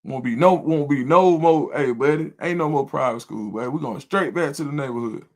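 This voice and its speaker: A middle-aged man, telling a story in casual livestream chat as a volunteer coach and host, getting loud and high when he quotes himself. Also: a little fast. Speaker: volunteer youth football coach and show host.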